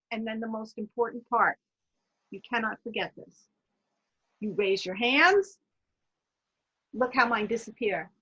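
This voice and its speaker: A woman with a bright, slightly husky, fairly high voice leads a guided laughter yoga lesson. She talks in a chatty, encouraging way and breaks into loud chanted laugh sounds. The audio is dull and lo-fi, like an online talk recording. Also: animated, measured pace, pauses often. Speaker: wellness presenter.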